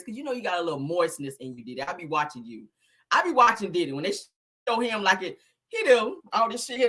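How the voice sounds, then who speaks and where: A man's voice: high voice, bright, forceful tone. A man hosting casual gossip commentary in a flamboyant, sassy, cackling manner.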